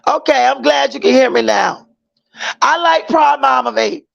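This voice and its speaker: Gravelly high-voiced woman streaming. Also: moderate pace, dull audio. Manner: chatty, greets viewers by name, Southern-tinged slang. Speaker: livestream host. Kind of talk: casual livestream chat with viewers.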